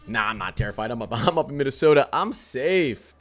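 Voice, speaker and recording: A man's voice: medium pitch, very fast, soft background music. A man hosting a weather livestream in casual chat, joking around and greeting viewers by name. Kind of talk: casual live-stream chat.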